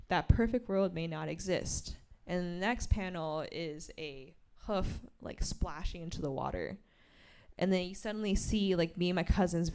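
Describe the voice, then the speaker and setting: A woman author reading from her graphic memoir and explaining its pages, a lively storyteller who acts out the quoted lines. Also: lowish voice. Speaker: author at a bookstore event.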